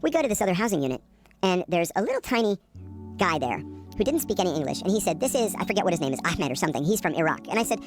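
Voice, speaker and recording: A man telling a casual, profane anecdote as an interview guest, in an animated storytelling manner. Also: sits high, quick pace, soft background music.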